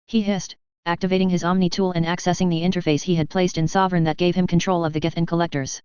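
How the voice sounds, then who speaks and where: Smooth low-voiced woman reading a story. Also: level tone, quick pace, hardly any pauses, a little mellow, dry recording. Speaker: fanfiction reader. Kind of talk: scripted narration of a story. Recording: dull, muffled dry recording.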